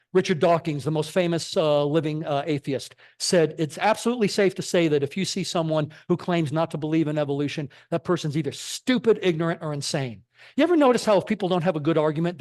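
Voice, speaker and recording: Middle-aged male church speaker, sermon lecture, slightly high voice, punchy and emphatic, keeps asking "okay?". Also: a little mellow. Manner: emphatic, rhetorical questions, frequent "okay?" checks. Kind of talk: sermon-style lecture on science and faith. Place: church sanctuary.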